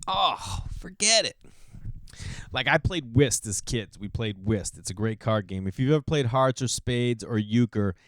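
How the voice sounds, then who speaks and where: A man in his thirties hosting a podcast, rambling through casual opinions with sudden jumps in pitch. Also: animated, a little slow, a bit bright, dry recording, clean studio sound. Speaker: podcast host. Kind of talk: casual monologue.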